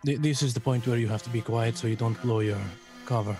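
A man playing in a tabletop game, calm and firm. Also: mid-range voice, fast talker, music in the background. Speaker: player.

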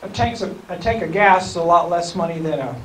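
A high-pitched man speaks loosely to a civic group, restarting phrases and chuckling. He sounds distant from the mic, with room echo and a faint hiss. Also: a little fast, a bit bright. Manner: rambling, self-correcting, chuckling. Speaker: county school superintendent, guest speaker. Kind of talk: informal talk to a civic group. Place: meeting room.

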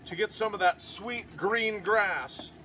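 A man's voice: high voice, slow pace, sharp tone, slight background noise, heavily acted. A man voicing the littlest billy goat, a small young male goat with a wee, pleading voice.

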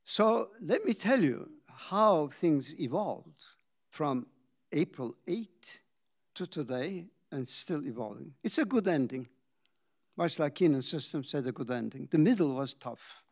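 A man's voice: fairly high pitch, animated. Older man telling a founder's story. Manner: dramatic pauses, acts out quoted dialogue. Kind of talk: reflective storytelling talk.

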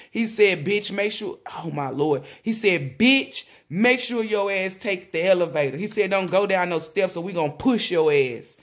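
Excitable woman giving a tarot reading. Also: on the low side. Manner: excitable, rambling, exclaims often; relays messages in blunt slang with swearing. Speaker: tarot reader. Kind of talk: casual spiritual reading to viewers.

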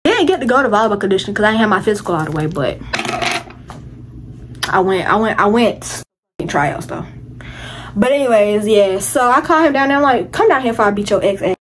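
A teenage girl telling a story in casual chat, animated and full of profanity and slang. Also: fairly high pitch, a little hiss or hum. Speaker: vlogger.

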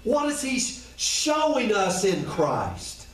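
A man with a high-pitched voice and huge swings in pitch preaches an informal, colloquial sermon, peppering the congregation with one question after another. He talks slowly and barely pauses. The room is echoey, and he sounds far from the microphone.

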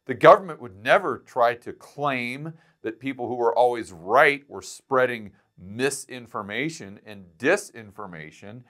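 A man's voice: mid-range voice, expressive, unhurried, hardly any pauses, a bit bright. A man hosting a finance video, talking straight to camera with sarcasm and emphatic repetition. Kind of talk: direct-to-camera economic commentary.

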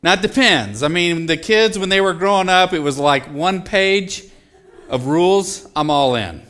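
A man's voice: sits high, moderate pace, fairly bright tone. A middle-aged male pastor preaching a sermon in a loose, joking, conversational way, often asking the congregation questions. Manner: conversational, jokey, asks the audience questions. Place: church sanctuary.

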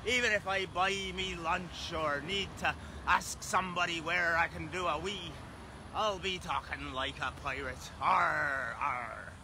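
A man's voice: fairly high pitch, fairly even intonation, a little slow, noisy background. A man putting on a jokey pirate captain voice, growling "arr" in a playful, hammy way.

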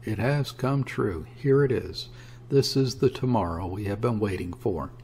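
A man's voice: lowish voice, unhurried, darkish tone, a little hiss or hum. A man voicing a nervous, pleading, tender-hearted young woman. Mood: anxious.

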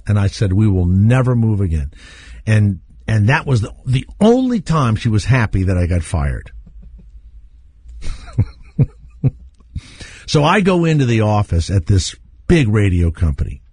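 A man hosting a talk radio show, rambling through candid stories and laughing at his own dark jokes. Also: fairly low pitch, sing-song, unhurried, pauses often, breathy edge. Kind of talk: storytelling talk radio chat. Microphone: studio microphone.

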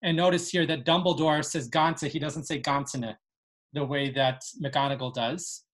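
A woman's voice: low voice, steady tone, normal speed. A woman teaching Yiddish dialects in a webinar, explaining and translating as she goes. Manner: explanatory, with frequent ums and translations. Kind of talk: webinar lecture.

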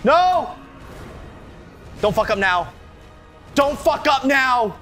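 A man playing a video game and commentating, who yells, swears and curses at the game a lot. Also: extremely high pitch, drawn-out words, soft background music. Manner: loud excitable yelling and swearing at the game. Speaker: gameplay commentator. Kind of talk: let's play banter.

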